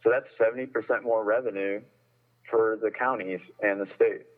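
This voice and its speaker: A man from Northern California calls in to complain, chatting casually and rambling with plenty of restarts. He has a lowish voice with a steady tone and speaks at normal speed. The phone line sounds tinny.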